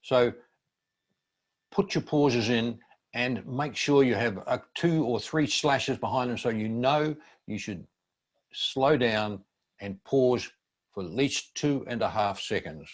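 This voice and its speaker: Older man, teacher, seminar presentation, measured, instructive. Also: mid-range voice, expressive, breathy edge.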